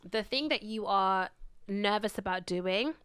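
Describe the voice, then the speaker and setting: A woman's voice: mid-range voice, a little slow, clear, resonant tone. A woman in her thirties co-hosting a casual podcast chat, telling stories and acting out the people she quotes. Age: 30s. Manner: animated storyteller, acts out quoted voices. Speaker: podcast co-host.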